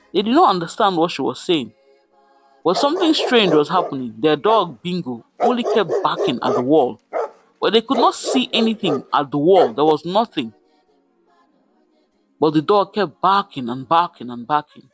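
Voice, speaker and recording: A man's voice: on the high side, very animated, normal speed, faint music behind. Dramatic male storyteller. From Nigeria. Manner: dramatic, repeats words for effect. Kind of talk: folktale narration.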